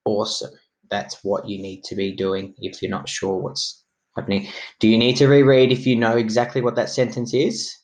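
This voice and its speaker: A male primary school teacher giving a slow, clear, encouraging recorded reading lesson to children, recorded in a classroom. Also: fairly low pitch, flat delivery.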